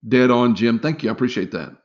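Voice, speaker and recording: A man's voice: mid-range voice, lively intonation, fast talker. A middle-aged man training salespeople in a live webinar, chatty and encouraging, with lots of fillers. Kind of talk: casual live webinar talk. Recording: slightly dull lo-fi webinar audio.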